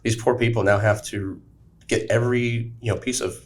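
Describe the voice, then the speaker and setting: A man's voice: medium pitch, fairly even intonation. A man, a travel advisor guest on a podcast, telling a story in casual chat with lots of fillers. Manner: fast storytelling with many fillers.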